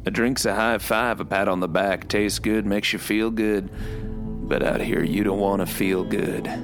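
A man with a slow, folksy drawl, reading a scripted radio-style ad. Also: deep voice. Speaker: ad announcer. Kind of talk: gravelly western-style ad read. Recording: music bed behind voice.

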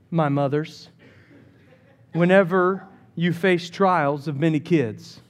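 A man preaching a sermon as pastor, telling stories with playful jokes. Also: fairly high pitch. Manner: animated storytelling with jokes.

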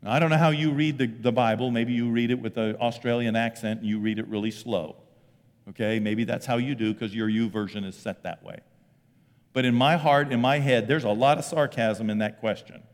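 A man preaching a sermon as pastor, animated, swinging loud and high for emphasis, then dropping low and quiet. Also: brisk, big-room sound. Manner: animated, jumps in pitch and volume for emphasis.

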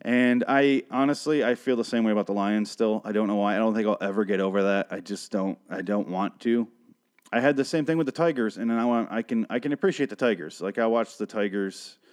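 A man's voice: on the low side, a little fast, a little mellow, clean tone. A man from Michigan hosting an unscripted solo podcast, rambling and swearing in an exasperated rant. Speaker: podcast host.

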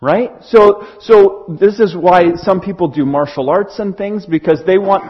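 A man preaching a sermon in an animated way, acting out little scenes as he explains. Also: sits high, unhurried, breathy edge, muffled recording.

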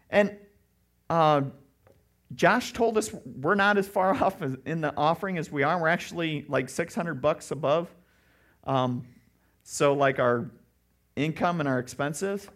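A middle-aged man preaching a sermon as pastor, animated and lively, often breaking into loud mocking voices. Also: a little high.

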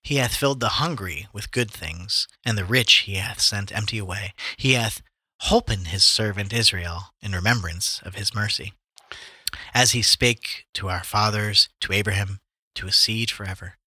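A man's voice: lowish voice, normal speed, pushed and bright, breathy edge, no room sound. A man casually reading Bible verses aloud to friends in a joking chat, with a mock-solemn cadence. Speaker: co-host reading scripture aloud.

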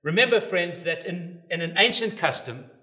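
A man preaching a sermon, emphatic, rising to loud declarations as he retells scripture and calls his listeners "friends". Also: high-pitched, lively intonation, normal speed. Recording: echoey room.

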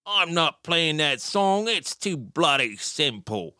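A man voicing an arrogant male guitarist in a put-on Cockney accent, drawing out his words in a slow, dismissive way. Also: on the high side, sing-song, pushed and bright, no echo, clean studio sound, voice pushed up, full character voice.

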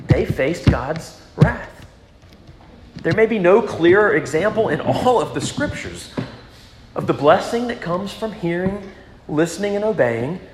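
A pastor preaching a sermon to his congregation, earnest, moving between strong emphasis and hushed rhetorical questions. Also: high voice. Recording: echoey hall with background noise.

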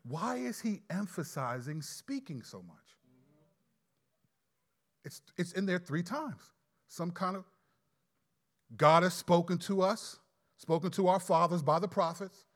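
A man preaching a sermon, emphatic, with sudden loud stresses and slowed key phrases. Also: high voice.

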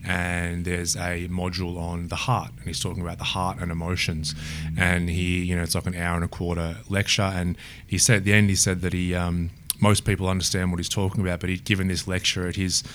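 A man, telling stories in a relaxed, rambling casual conversation. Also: low-pitched, a little fast, slight background noise.

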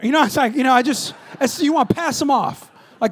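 Animated high-voiced preacher. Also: male voice, a little fast, few pauses. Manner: animated storytelling, jumps between hushed and loud. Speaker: pastor. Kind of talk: sermon.

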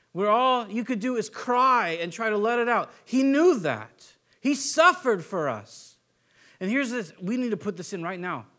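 A man preaching a sermon, animated, acting out quick voices of biblical figures and swinging between soft and emphatic delivery. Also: very high-pitched. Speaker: pastor.

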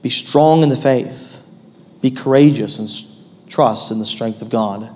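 A man in his thirties preaching a sermon as pastor, animated and rising to loud, emphatic peaks. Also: medium pitch, unhurried, in a large hall.

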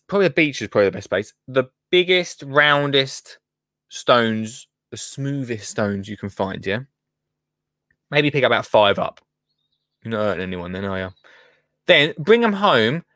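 A man's voice: medium pitch, a bit bright, dry recording. A man presenting gardening tips on a live stream in a chatty, easily sidetracked way, laughing often. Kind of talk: casual live chat.

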